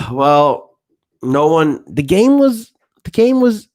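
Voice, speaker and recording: A London-accented man in his thirties chats confidently through a football watchalong stream, reading out the chat as he goes. His voice sits a little high with a darkish tone, and the delivery is casual live-stream commentary.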